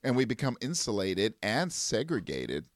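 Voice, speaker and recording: Reflective man with a lively, low voice. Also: normal speed, dry recording, studio quality. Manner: reflective, animated, acts out angry drivers. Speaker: podcast co-host. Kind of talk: casual chat. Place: Washington State.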